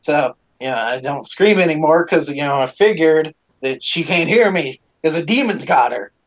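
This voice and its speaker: Male stream host with a fairly high voice, casual, profane, animated storyteller, slightly lo-fi audio. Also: moderate pace. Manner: animated, profane, lots of fillers.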